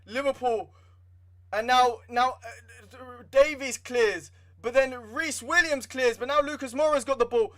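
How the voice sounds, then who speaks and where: A young man giving live fan commentary on a football match, excitable and swinging from nervous muttering to shouting. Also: very high-pitched, normal speed. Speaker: livestream football watchalong host.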